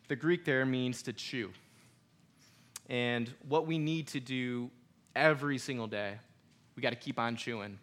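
Young male pastor, relaxed preaching, mid pitch, jokes with congregation. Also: measured pace. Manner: conversational preaching with humor and asides. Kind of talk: sermon.

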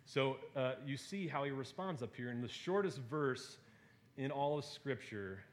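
A man preaching a sermon to a gathered audience, talking in a relaxed, conversational way with fillers and playful asides. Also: mid-range voice, unhurried.

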